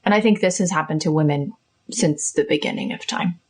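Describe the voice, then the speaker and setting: A woman therapist in casual podcast chat, quiet and reflective, often murmuring agreement. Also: sits low, a little fast, slightly rough.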